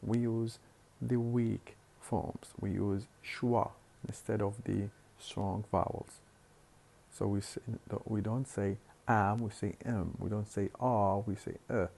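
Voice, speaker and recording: A man lecturing on phonetics, explaining slowly and deliberately with hesitant fillers and repeated words. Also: lowish voice, level tone, vocal fry, mellow. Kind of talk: recorded university lecture.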